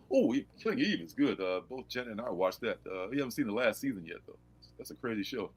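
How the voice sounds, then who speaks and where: A man hosting a casual comics livestream, animated and laughing, reading blurbs aloud. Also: medium pitch, fast talker, breathy edge. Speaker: host.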